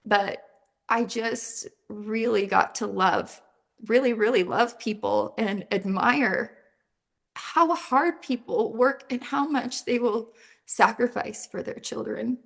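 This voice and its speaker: Creaky-voiced woman telling her story. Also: fairly high pitch, slow. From Utah. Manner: lively storyteller who acts out quotes. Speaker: psychologist and clinic founder, guest. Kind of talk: casual interview talk.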